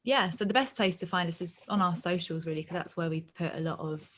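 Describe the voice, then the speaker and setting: A woman's voice: on the low side, a little fast, a bit bright. A woman, a band member, chatting easily on a video call, hesitant, with lots of ums. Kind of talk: casual interview chat.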